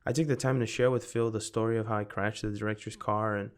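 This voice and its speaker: A man's voice: on the low side, fairly even intonation, fast talker, smooth. A young man hosting a podcast, telling a story in a laid-back, earnest way with lots of "like", sometimes acting out the people he quotes. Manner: acts out quoted people in retelling. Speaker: podcast host. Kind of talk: casual storytelling monologue.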